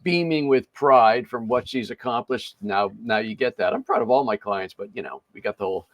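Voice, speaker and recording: A man's voice: mid-range voice, brisk, no echo. An older man hosting a podcast interview, telling a story casually with chuckles and restarts. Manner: chatty, chuckling, self-interrupting. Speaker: podcast host.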